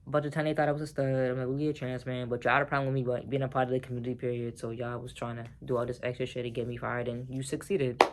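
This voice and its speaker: A man's voice: medium pitch, level tone, very fast, few pauses, slight background noise. A man telling a personal story in a casual vlog, heated and profane, talking straight to the viewers.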